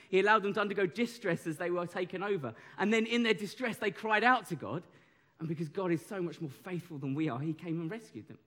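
A young man giving a lively, conversational sermon that draws in his audience. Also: high voice. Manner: animated, conversational, audience participation. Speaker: preacher.

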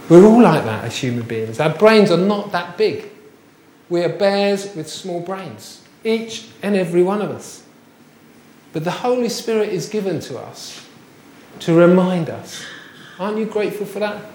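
A man's voice: high-pitched, animated, measured pace, a little mellow, roomy sound, slight background noise. A man preaching a sermon, chatty and full of rhetorical questions. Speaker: pastor.

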